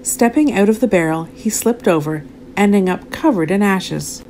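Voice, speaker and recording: Animated woman reading a storybook. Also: medium pitch, moderate pace, a little hiss or hum. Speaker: narrator. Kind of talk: storybook read-aloud.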